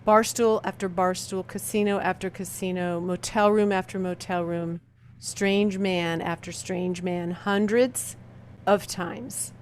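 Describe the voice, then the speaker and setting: A woman in her fifties giving a motivational talk as a personal testimony, speaking slowly with heavy dramatic pauses and a quiet, intense delivery. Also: fairly low pitch, fairly even intonation, a little hiss or hum.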